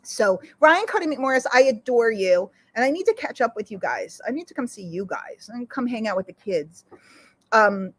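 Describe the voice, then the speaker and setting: A woman's voice: fairly high pitch, expressive, normal speed. Earnest, rallying middle-aged woman. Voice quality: recovering lungs after illness. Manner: emotional, earnest, rallying the listeners. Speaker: community host. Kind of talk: motivational talk to an online audience.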